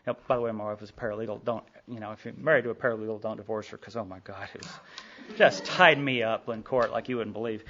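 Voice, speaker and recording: A man shares his story at a recovery meeting in a quick, animated telling full of asides. His voice has a gravelly fry to it. The tape recording sounds dull and lo-fi. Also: fairly low pitch. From Sherman, Texas. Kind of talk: personal storytelling talk. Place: meeting hall.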